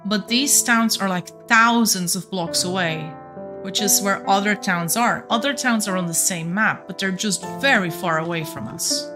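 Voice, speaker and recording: Young woman, light Flemish accent, medium pitch, chatty live-streamer talking through her game, soft music underneath. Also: normal speed. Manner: chatty, thinks aloud, restarts sentences. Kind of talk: casual live-stream chat while playing.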